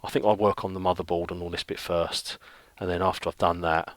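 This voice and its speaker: A man's voice: low-pitched, little pitch movement, fairly quick, dry recording. A middle-aged man who chats casually while drawing, rambling and thinking aloud with lots of fillers. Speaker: illustrator.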